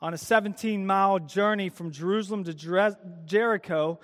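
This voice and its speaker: A man preaching a sermon at a youth event, retelling a story with lively emphasis and many rhetorical questions. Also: sits high, moderate pace. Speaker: youth speaker. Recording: long hall reverb.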